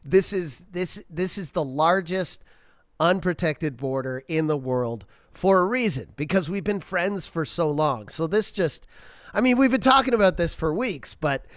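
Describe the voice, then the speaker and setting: A man with a high voice co-hosts a casual political chat. He hedges loosely, leaning on "like" and false starts. The sound is dry and close, with no room around it. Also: lively intonation, unhurried, a bit bright, no echo. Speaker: co-host.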